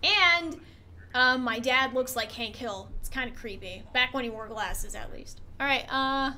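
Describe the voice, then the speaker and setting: A woman's voice: high-pitched, unhurried, pushed and bright, slight background noise. A young woman from Texas chatting casually and crudely while streaming a game.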